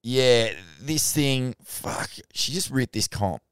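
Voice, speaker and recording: A man with an Australian accent, co-hosting a podcast in casual surf talk, rambling and swearing excitably. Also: medium pitch, slow, clean tone, no echo, studio quality. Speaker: podcast co-host.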